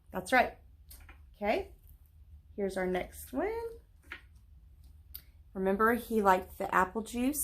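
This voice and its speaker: Woman, early-grades teacher; patient, clear, encouraging delivery, mid-range voice. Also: medium pitch. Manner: slow, clear, encouraging, with frequent check-in questions; claps and stretches words into syllables. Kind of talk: virtual lesson for young children.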